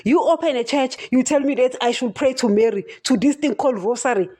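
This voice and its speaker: A young woman hosts a Christian podcast, reading scripture aloud and then preaching in an impassioned, repetitive way. She talks straight to her listeners and keeps calling them "guys". Her voice sits a little high. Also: a little fast, dark tone. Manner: emphatic, repeats "guys" constantly. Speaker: podcast host.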